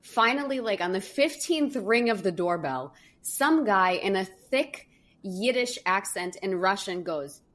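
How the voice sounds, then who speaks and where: Animated woman podcast host. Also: medium pitch, unhurried. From New York. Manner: lively storyteller acting out quoted voices. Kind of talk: casual podcast interview.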